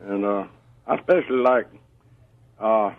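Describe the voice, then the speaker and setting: A man calling in to a radio show, easygoing and chuckling, speaking haltingly. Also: fairly low pitch, dry recording. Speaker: caller. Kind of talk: casual phone chat. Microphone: telephone. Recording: phone line call-in.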